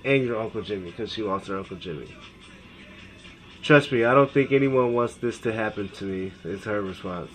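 A man's voice: lowish voice, moderate pace, faint music behind, poor audio. A man in his thirties from Seattle hosting a podcast, ranting with heavy profanity, rambling and reading his text messages aloud. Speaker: podcast host. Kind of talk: emotional rant.

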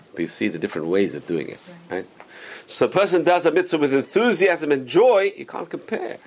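Teaching a religious class as a rabbi, a man with a fairly high voice speaks animatedly, peppering his students with rhetorical questions.

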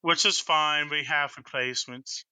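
A man with a fairly high, crisp and bright voice chimes in on a gaming podcast. He drops short wry quips and teasing remarks. The sound is close and dry. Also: steady tone, unhurried, no echo, rough recording. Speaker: podcast co-host. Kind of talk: casual gaming podcast chat.

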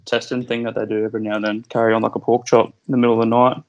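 A man's voice: medium pitch, level tone, racing, dull audio, slight background noise. Laid-back Australian guy, swears freely. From Queensland, Australia. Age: young adult. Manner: laid-back, swears often, laughs easily. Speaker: podcast guest, fishing guide. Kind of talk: casual chat. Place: at home.

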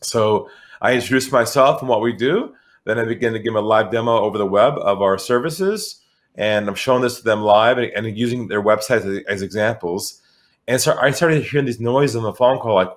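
A middle-aged man from California, a guest on an interview podcast, telling a sales story in a lively, animated way. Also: mid-range voice, brisk. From San Diego, California. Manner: animated storyteller who acts out quoted voices. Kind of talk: conversational storytelling.

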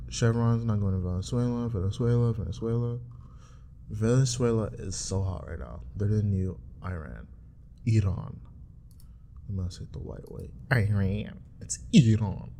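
A man's voice: fairly low pitch, mellow, a little hiss or hum. A young man chatting casually on his own while browsing, rambling with profane, joking asides. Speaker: streamer. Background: keyboard typing and clicks.

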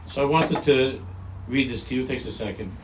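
A man giving a sermon as a rabbi, earnest and storytelling, repeating phrases and slowing down for emphasis. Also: mid-range voice. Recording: echoey room from a distance with noise.

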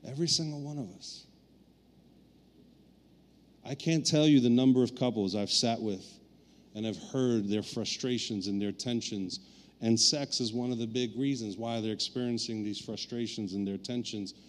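Pastor in a reverberant hall, storytelling. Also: male voice, lowish voice, steady tone, moderate pace. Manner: storytelling with playful acted-out asides. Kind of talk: sermon.

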